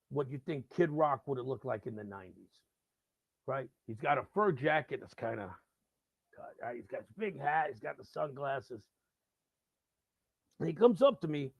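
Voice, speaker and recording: Gravelly, animated male radio host. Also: mid-range voice, no echo, lo-fi sound. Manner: animated, acts out quoted voices loudly. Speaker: radio host telling a story. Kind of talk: casual live-stream storytelling.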